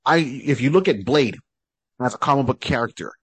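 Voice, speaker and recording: A man's voice: mid-range voice, expressive, normal speed, husky, no echo. Man eagerly explaining on a podcast. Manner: explains eagerly and acts out quotes. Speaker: podcast co-host. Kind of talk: casual chat. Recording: dry close-mic podcast audio.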